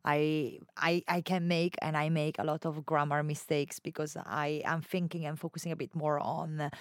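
Female interviewer, Italian accent, very low voice, hesitant pauses, dry recording. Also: level tone, smooth, no room sound. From Italy. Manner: hesitant, searching for words. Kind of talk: conversational interview.

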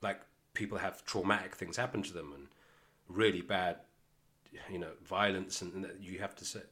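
A man's voice: sits low, fairly even intonation, normal speed, bright, forceful tone. A man from chatting as a guest, laid-back and slangy. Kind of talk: casual chat.

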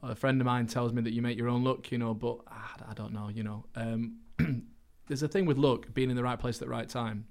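A man chatting as a podcast guest, talking at a brisk clip. He is earnest and meanders through his thoughts, stopping and restarting his sentences often. His voice sits at a middling pitch. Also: fairly even intonation, gravelly. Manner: earnest, rambling, with frequent restarts. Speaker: podcast guest, actor and racing driver. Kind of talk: casual interview chat.

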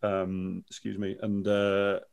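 Brief: gay man, low-pitched speaking voice, animated storyteller on a casual podcast, quotes people in playful put-on voices. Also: slow, gravelly, clean tone. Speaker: guest, rugby foundation ambassador.

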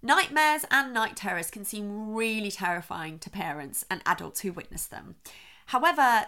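A woman hosting a parenting podcast, explaining calmly and checking in with her listeners. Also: on the high side. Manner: warm, reassuring, checks in with "okay?". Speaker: child sleep expert host.

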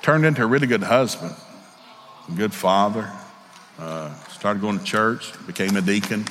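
A man's voice: lowish voice, moderate pace, long reverb tail, crowd noise, noisy background. A middle-aged man with a Southern American accent, preaching a storytelling sermon in a folksy, candid way and acting out the voices in his stories. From Southern United States.

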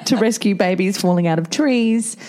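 An Australian woman co-hosting a podcast in casual chat, animated, jokey and casually swearing. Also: medium pitch, moderate pace, crowd noise. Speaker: podcast co-host.

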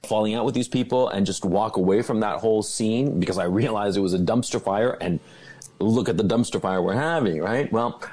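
A bitter man in a played video clip, sarcastic and swearing as he airs a grievance. His voice is fairly low. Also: brisk, darkish tone. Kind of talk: aggrieved video monologue.

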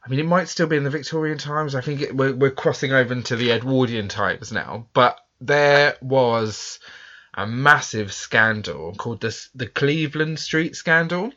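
A British man chats on a podcast in a relaxed, self-deprecating way, laughing easily. His voice is forceful and bright. The recording sounds dull and lo-fi. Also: medium pitch, normal speed. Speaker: podcast co-host. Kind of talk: casual chat. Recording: dull lo-fi audio.

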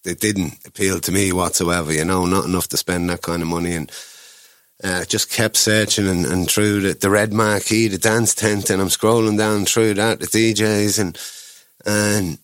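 A man's voice: deep voice, fairly even intonation, normal speed, no room sound. An Irish man, a guest, telling a rambling story with lots of restarts and acted-out quotes. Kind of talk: casual anecdotal storytelling.

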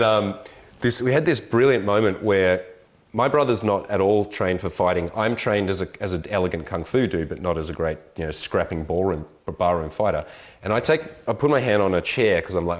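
A man casually telling an animated, profane travel story in conversation. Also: low-pitched, a little fast. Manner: animated storyteller, swearing, voices others.

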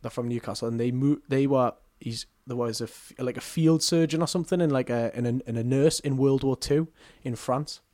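Young male musician guest, mid-pitched, casual and self-mocking. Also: brisk, hardly any pauses, a little mellow. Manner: chatty, self-deprecating, laughs often. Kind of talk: casual chat.

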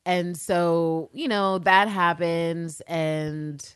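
Animated woman reviewing a TV show. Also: on the low side, drawn-out words, clean tone. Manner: animated, acts out characters' lines, swears freely. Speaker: podcast co-host. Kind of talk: casual TV review chat.

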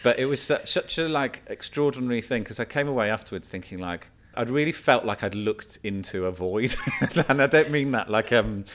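A man, a comedian, chatting casually and telling animated anecdotes with frequent fillers and restarts. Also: medium pitch, brisk, hardly any pauses. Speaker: comedian guest. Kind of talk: casual chat, storytelling.

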